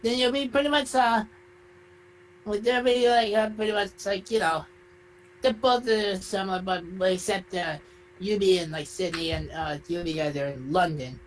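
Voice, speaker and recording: A man's voice: high voice, moderate pace, a little hiss or hum, lightly acted, low-quality recording. A man voicing a rambling young male game show contestant who hesitates and fills his answers with "uh" and "like". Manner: rambling, hesitant, full of fillers. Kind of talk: fan-made game show role-play.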